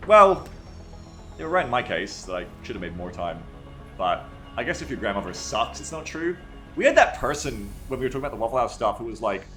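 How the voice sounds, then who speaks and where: A man's voice: mid-range voice, sing-song, brisk, fairly bright tone, soft background music. A man streaming live and chatting casually. He reads chat aloud, rambles, and swears freely.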